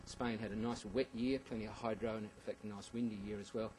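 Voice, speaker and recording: A man's voice: fairly low pitch, steady tone, fast talker, a little mellow, slight background noise, low-quality recording. A man giving a conference presentation about slides, with wry asides and frequent ums and restarts. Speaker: conference speaker.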